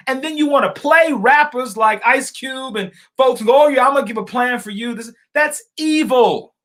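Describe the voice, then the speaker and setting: A man holds forth on a live stream, calling his viewers y'all and folks. He talks fervently and circles back to the same points, jumping from loud outbursts to quiet asides, then slips into reading comments aloud. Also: very high-pitched. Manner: fervent, repetitive, swings between shouting and quiet asides.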